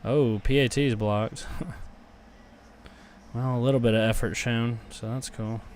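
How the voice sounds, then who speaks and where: A man's voice: mid-range voice, fairly even intonation, measured pace, darkish tone, slight background noise. A young man reacting live to a football game, grumbling and cursing at his team and then erupting into cheers on big plays. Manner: frustrated, swears, talks back to chat.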